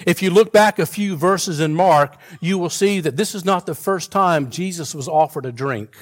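A pastor delivering a sermon in a loose, conversational way, full of fillers and restarts, mixing rhetorical questions with homespun humor. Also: male voice, a little high, normal speed.

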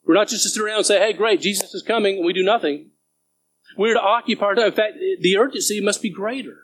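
A man's voice: high voice, quick pace, rough recording. A man preaching a sermon to his church as pastor, earnest and urging, reading scripture aloud between stories.

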